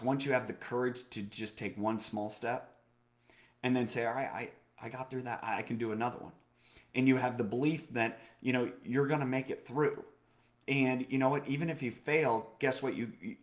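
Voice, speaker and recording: A man co-hosting a casual chat show, telling a personal story in a lively, motivational way, with many fillers, restarts and repeated phrases. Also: mid-range voice. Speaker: podcast co-host.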